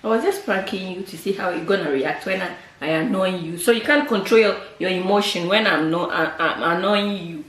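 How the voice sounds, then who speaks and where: A woman's voice: fairly low pitch, brisk, few pauses, fairly bright tone, roomy sound. A woman with a West African accent, chatting playfully and teasing her husband in a casual vlog. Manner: teasing, playful, repeats herself. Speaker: vlogger. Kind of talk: casual prank vlog chat.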